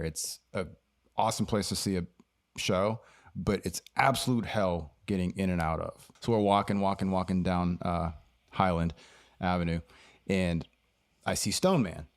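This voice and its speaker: A man's voice: deep voice, normal speed. A man co-hosting a podcast, rambling through an anecdote with fillers. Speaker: podcast co-host. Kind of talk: casual chat, storytelling.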